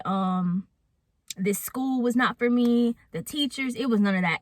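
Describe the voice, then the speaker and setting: A woman's voice: medium pitch, normal speed, no room sound. A woman in her twenties telling a candid storytime to camera, chatty and casual, often calling her viewers y'all. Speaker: vlogger. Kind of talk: storytime vlog talking to camera.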